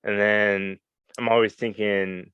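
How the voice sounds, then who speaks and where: Laid-back podcast host guy, really deep smooth voice, dry close sound. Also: flat delivery, slow, a bit bright, no echo, muffled recording. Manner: laid-back, mostly brief agreements. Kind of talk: casual conversation.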